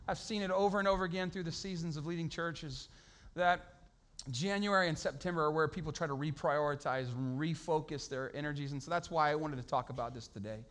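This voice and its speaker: A middle-aged man with a fairly high voice preaches as a pastor. He talks conversationally, lively and playful, and acts out the people in his stories in quick voices. It is a relaxed, chatty sermon.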